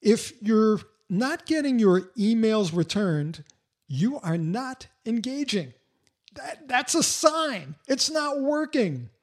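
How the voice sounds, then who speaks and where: A man's voice: sits high, very animated, takes it slowly. An older man with white hair giving blunt, emphatic sales coaching in a podcast monologue.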